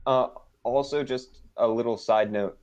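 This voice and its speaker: GM role: man running a tabletop game, halting explanations, muffled lo-fi stream sound. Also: medium pitch, fairly even intonation, a crowd in the background. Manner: hesitant, explaining rules. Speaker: game master. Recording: dull lo-fi stream audio.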